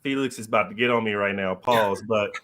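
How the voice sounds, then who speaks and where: A man's voice: on the low side, a little fast, a bit bright. A man guesting on a podcast, telling a personal story in a loose, slangy way with lots of "like" and "you know" and laughter mixed in.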